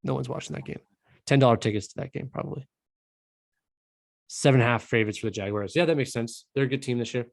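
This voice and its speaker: A man's voice: mid-range voice, fast talker, gravelly, pauses often, dry recording, studio quality. A man co-hosting a casual sports podcast, talking bluntly with some swearing and frequent restarts. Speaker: podcast co-host.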